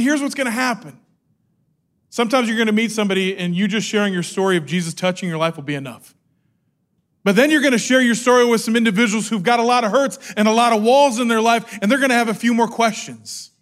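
High-voiced energetic male preacher. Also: fast talker. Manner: energetic, animated storytelling with acted-out quotes. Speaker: pastor. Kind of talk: sermon.

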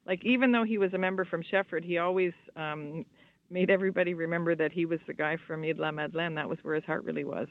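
A woman, a former politician, recalling a late colleague in a radio interview by phone, reflective and halting. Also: on the low side, steady tone, no echo. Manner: reflective, with many fillers and restarts. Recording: tinny phone line with faint noise.

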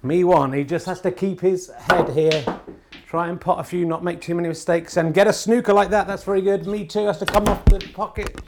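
A middle-aged man with an English accent, hosting a comedy podcast in excitable, hesitant mock snooker commentary. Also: high-pitched, a little fast, noisy background. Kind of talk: comic mock sports commentary.

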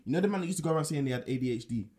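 A young man, animated and full of street slang as he tells stories from his school days. His voice sits a little high and swings widely in pitch as he acts out other people. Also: racing. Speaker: podcast panelist. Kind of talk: casual chat.

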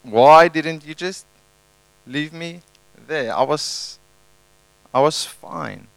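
Man putting on a plaintive grumbler: complaining, smooth voice, a touch high. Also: very slow, fairly bright tone, dry recording, heavily acted. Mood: whining. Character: grumbling adult Israelite crowd member, whiny.

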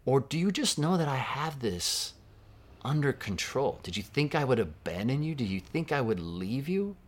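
A man from Southern California preaching a sermon in a conversational, reflective way, dropping to a hush for quoted words. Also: medium pitch, very animated, normal speed. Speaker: pastor.

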